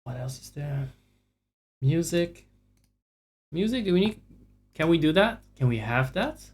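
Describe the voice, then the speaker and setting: A man's voice: a little high, expressive, a little slow. A man streaming live and chatting casually with viewers, rambling, sarcastic and profane.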